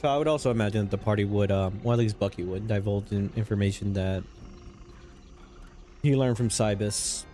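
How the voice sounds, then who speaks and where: A man's voice: lowish voice, a little fast, mellow, faint music behind. A man running a tabletop game as game master, casual and profane, laughing often.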